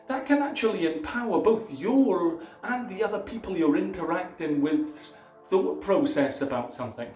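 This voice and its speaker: Slow, measured man in an echoey room. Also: a little high, a little mellow. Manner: measured, explanatory, with restarts. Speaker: YouTube presenter. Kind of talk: casual advice talk to camera.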